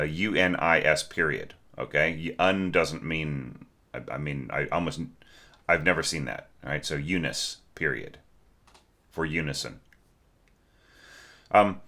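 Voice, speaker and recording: Low-voiced man, forceful bright tone, teacher talking through a student's score casually. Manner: conversational, many fillers and "right?" tags; sings phrases to show inflection. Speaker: orchestration teacher.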